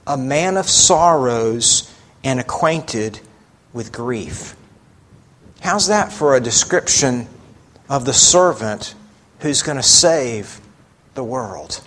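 A man preaching a sermon, slow and emphatic, asking rhetorical questions of his listeners. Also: mid-range voice, expressive, a bit bright.

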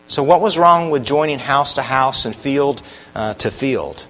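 A man's voice: mid-range voice, measured pace, a bit bright, poor audio. A man preaching a sermon, earnest, often putting questions to the congregation. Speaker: pastor.

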